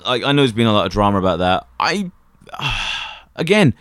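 A man's voice: fairly low pitch, big pitch swings, normal speed, fairly bright tone, dry recording. A young man co-hosting a casual chat, teasing his friend and ranting bluntly with plenty of swearing. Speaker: podcast co-host.

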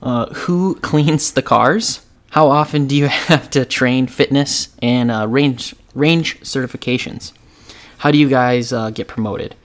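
A man co-hosting a podcast in casual chat, calmly reading a listener's email. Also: medium pitch, a little slow. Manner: calm, reads listener email aloud. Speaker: podcast co-host.

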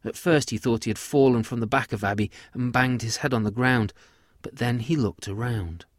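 A man telling his own children's sci-fi story in a lively, gentle way. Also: mid-range voice, normal speed, dry recording, studio quality.

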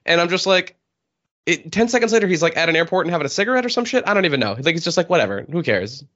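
A man's voice: on the high side, sing-song, very fast, a bit bright, highs cut off. A man co-hosting a podcast in casual chat, rambling and swearing freely. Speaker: podcast co-host.

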